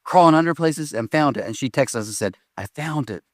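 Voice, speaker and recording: A man in his forties, a pastor, preaching a sermon with lively storytelling that swings between raised, excited phrases and quiet, soft endings. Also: medium pitch, quick pace, dry recording, clean studio sound. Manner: animated storytelling with sudden rises and soft drops. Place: church stage.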